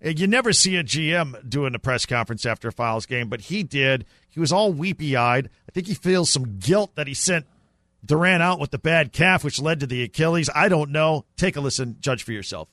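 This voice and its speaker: Male sports radio host, opinionated, a bit high, dry close sound. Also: lively intonation, fairly quick, fairly bright tone, dry recording. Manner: opinionated, steers the talk. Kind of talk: casual chat.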